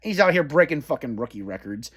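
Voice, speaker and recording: A man's voice: mid-range voice, big pitch swings, fast talker, a bit bright, husky. A man ranting in frustration as a sports fan, swearing heavily as he talks. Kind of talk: angry fan rant.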